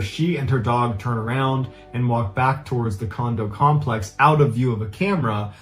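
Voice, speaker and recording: A man in the middle of his range retells a case in a relaxed, conversational manner, phrasing things loosely and earnestly. Faint music runs under his voice. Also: mid-range voice. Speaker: true crime narrator. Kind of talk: conversational storytelling.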